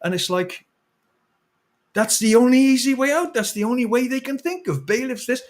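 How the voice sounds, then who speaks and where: A man's voice: very high voice, normal speed. A middle-aged man, an author talking as an interview guest, ranting passionately with swearing and bursts of laughter. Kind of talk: impassioned interview talk.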